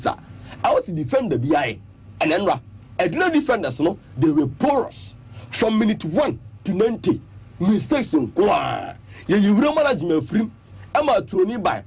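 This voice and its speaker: A man's voice: high voice, moderate pace, husky. A man with a Ghanaian accent giving emphatic sports analysis on a radio show, laying out his points one by one. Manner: animated, emphatic, lists points. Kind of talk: radio sports talk, Twi-English mix. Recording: radio studio broadcast.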